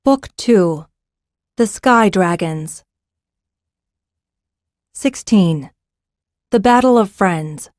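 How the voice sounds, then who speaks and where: A woman narrating a fantasy audiobook in a steady, even storytelling voice. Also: medium pitch, drawn-out words, long pauses, no echo, studio quality.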